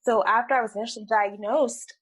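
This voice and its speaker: A woman's voice: fairly high pitch, fairly even intonation, fast, husky, poor audio. A woman appearing as an interview guest, an entrepreneur telling her story in an open, earnest way. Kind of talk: conversational interview.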